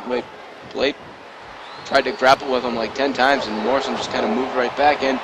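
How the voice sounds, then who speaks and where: A man calling wrestling play-by-play in an excited, rambling amateur style, full of asides and self-corrections. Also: medium pitch, normal speed, noisy background. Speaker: play-by-play commentator.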